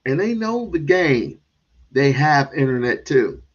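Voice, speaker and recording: A man hosting a livestream, ranting in commentary with sudden loud bursts and chuckles. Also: medium pitch, sing-song, measured pace, highs cut off. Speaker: streamer host.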